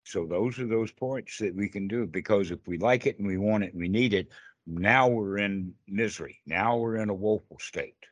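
A man's voice: fairly low pitch, normal speed, no room sound. A man teaching meditation on a call, earnest and repetitive, often acting out inner dialogue. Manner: earnest, repeats phrases, acts out inner dialogue. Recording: call audio.

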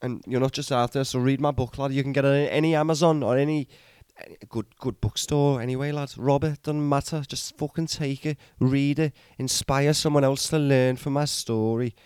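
A man's voice: mid-range voice, fairly even intonation, moderate pace, darkish tone, smooth, dry recording, clean studio sound, natural voice. A man playing an aggrieved working-class author who rants and repeats himself, with a slangy accent that wanders all over. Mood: earnest plea. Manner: ranting, repeating himself, calling listeners lad. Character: aggrieved working-class male author, ranting and self-pitying. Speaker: comedy podcast guest character.

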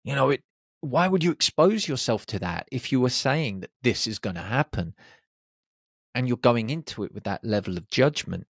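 A man hosting a solo podcast, talking in an animated way and slipping into quick voices for people's inner self-talk. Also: medium pitch, creaky, dry recording, studio quality. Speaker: podcast host.

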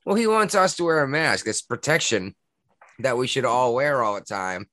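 A man's voice: mid-range voice, animated, normal speed, pushed and bright, no room sound. A man co-hosting a podcast in casual chat, rambling and sarcastic, with lots of fillers and restarts. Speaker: podcast co-host.

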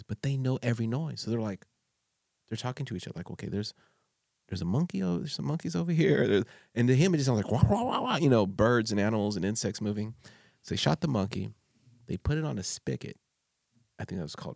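A man's voice: fairly low pitch, vocal fry, a little mellow, no echo, clean studio sound. A man hosting a podcast interview, telling rambling stories with many fillers and frequent laughs. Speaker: podcast host. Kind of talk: casual conversational interview.

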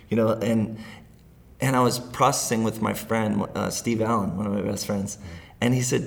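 A man's voice: lowish voice, a little fast, vocal fry. A middle-aged man speaking as a guest in a casual interview, earnest and rambling, often laughing as he talks.

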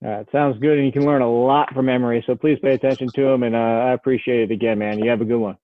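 A man hosting a sports podcast in casual chat, quick and rambling, often correcting himself. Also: mid-range voice, steady tone, no echo, narrow, tinny audio. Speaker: podcast host.

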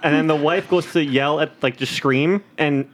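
A man's voice: fairly high pitch, normal speed, slight background noise. A man co-hosting a podcast, telling jokey stories in casual chat. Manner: jokey, animated storyteller who slips into silly voices. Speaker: podcast co-host.

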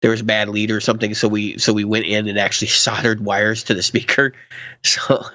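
A man co-hosting a podcast, chatting casually and enthusiastically about guitar and sound gear with quick asides. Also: fairly low pitch, little pitch movement, pushed and bright, no room sound, lo-fi sound.

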